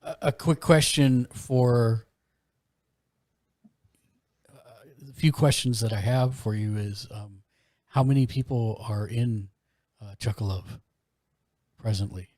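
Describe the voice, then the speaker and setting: A man's voice: medium pitch, takes it slowly, long pauses, warm tone, dry recording, clean studio sound. Casual man player asking questions. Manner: questioning, with fillers. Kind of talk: casual tabletop game chat.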